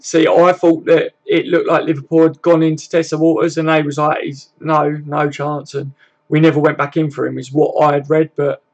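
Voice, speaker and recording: A man's voice: on the high side, vocal fry. Laddish young British man chatting. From Britain. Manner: laddish, swears a lot, tags questions with mate. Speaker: live stream host. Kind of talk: casual live chat reading comments. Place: home room with desk and sofa.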